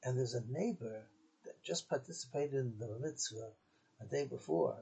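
A man's voice: mid-range voice, normal speed, creaky, dark tone, breathy edge, poor audio. A male rabbi giving a sermon, telling a parable and voicing its characters along the way. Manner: acts out dialogue between father and son in the story. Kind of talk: sermon with storytelling.

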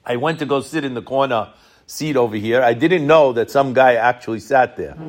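Speaking at normal speed in a medium-pitched voice, this middle-aged man from Brooklyn, New York addresses a congregation on the Torah. Hebrew and Aramaic texts are read aloud, then unpacked in a relaxed, conversational way, with each midrash told in Hebrew before English.

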